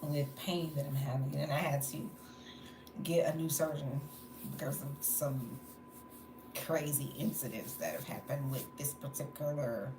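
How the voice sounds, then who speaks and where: A woman's voice: very deep voice, steady tone, a little slow. A tired woman venting candidly in a late-night livestream monologue, laughing between stories. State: tired from no sleep. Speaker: livestream host. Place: indoors at home, late at night. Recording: roomy echo, faint background noise.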